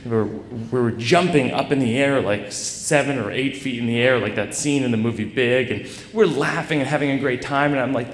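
A man telling a personal story to a live audience with a rambling, self-deprecating delivery full of halting restarts. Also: medium pitch. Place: stage in a large hall. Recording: echoey live hall recording.

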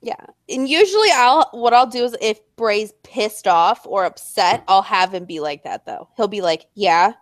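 A woman in casual chat, animated and blunt, swearing freely. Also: mid-range voice, moderate pace, hardly any pauses, dry recording, studio quality.

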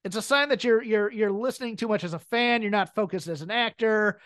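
Chatty podcast co-host, woman, middle pitch, close dry sound. She laughs easily and breaks down wrestling moments in a relaxed, animated way, with nothing ringing around her voice. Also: brisk, no echo. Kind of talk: casual wrestling commentary chat.

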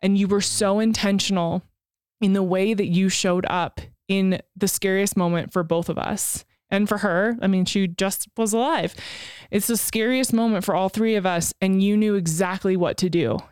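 A woman's voice: mid-range voice, steady tone, moderate pace, darkish tone, smooth, no echo, studio quality. A woman in her thirties telling a personal story as a podcast co-host, frank and emotional, swearing casually.

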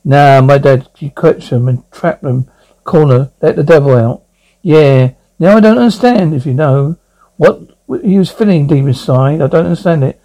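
A man voicing a troubled young blind lawyer who talks in a halting, stammering way during confession. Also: on the high side, warm tone, lightly acted, poor audio. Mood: somber.

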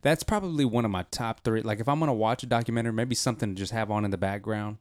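A man's voice: on the low side, very fast, a little mellow, no echo, studio quality. A young man co-hosting a podcast in casual, profane, jokey chat. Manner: laid-back, profane, jokey. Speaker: podcast co-host.

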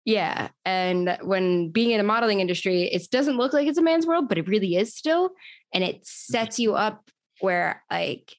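A woman's voice: mid-range voice, expressive, moderate pace, dry recording. Young New woman, rambling storyteller, close dry recording. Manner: chatty, filler-heavy storytelling. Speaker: podcast host, guest. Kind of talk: casual interview chat.

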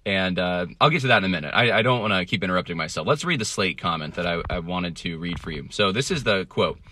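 A man's voice: low-pitched, expressive, quick pace, bright, forceful tone, a little hiss or hum. A man hosting a podcast, talking casually in a rambling way with many fillers and restarts. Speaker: podcast host. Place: traveling, indoors.

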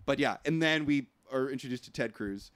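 A man co-hosting a casual podcast chat, lively and quick to laugh, swearing casually. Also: medium pitch, smooth, dry recording. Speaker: podcast co-host.

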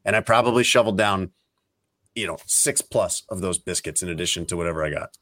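A man's voice: low voice, quick pace, fairly bright tone. Easygoing man chatting on a podcast. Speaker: podcast co-host. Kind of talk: casual chat.

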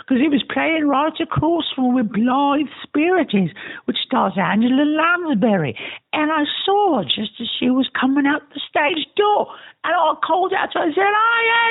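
A man's voice: very high voice, creaky, voice pushed up, full character voice. A man putting on a drunk fake-British rambler. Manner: loud, rambling, slurred. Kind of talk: drunk voicemail to himself. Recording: tinny phone voicemail.

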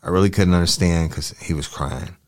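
A man reading aloud the words of a young male witness answering police questions, halting and polite with many fillers. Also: deep voice, a little mellow, natural voice. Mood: subdued.

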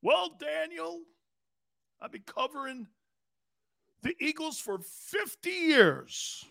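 A radio host does a fawning old sportscaster, pitched up high and dragging each word out slowly. The voice is dry and close, pompous and gushing. It is an over-the-top send-up of a man who has been on air forever. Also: sing-song, creaky, sharp tone, dry recording, full character voice. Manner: slow, drawn-out, fawning delivery.

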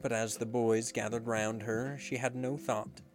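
A man reads a storybook aloud with a measured, expressive delivery. His voice sits at an ordinary middle pitch. Faint music plays underneath. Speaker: narrator. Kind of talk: storybook reading.

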